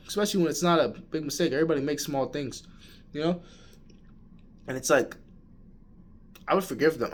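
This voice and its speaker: A young man in college talking casually to camera, rambling with restarts and calling the listener "bro.". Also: mid-range voice. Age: young adult. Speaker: college student. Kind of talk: casual vlog rant.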